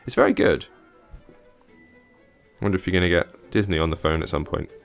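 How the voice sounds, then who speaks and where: Lively low-voiced man chatting over gameplay. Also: brisk, creaky, faint music behind. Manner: chatty, wry asides while playing. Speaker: games reviewer. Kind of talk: casual gameplay commentary.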